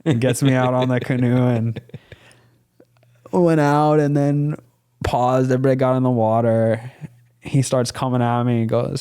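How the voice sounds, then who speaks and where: A man's voice: mid-range voice, level tone, moderate pace, pauses often, warm tone, clean tone. A young man, a podcast guest, casually telling a personal story in a rambling, earnest way with lots of fillers and some swearing. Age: young adult.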